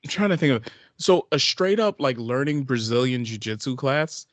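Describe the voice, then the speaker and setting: A man co-hosting a casual podcast who teases his friend and keeps pressing his point. His mid-pitched voice moves up and down a lot. The recording is dry and close to the mic. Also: animated, normal speed, dry recording. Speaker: podcast co-host. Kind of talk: casual chat.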